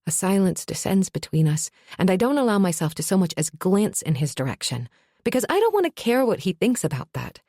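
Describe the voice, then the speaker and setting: A woman's voice: mid-range voice, sing-song, a little fast, warm tone, dry recording, clean studio sound. A woman narrating a fantasy audiobook in first person, with a wry, sardonic edge.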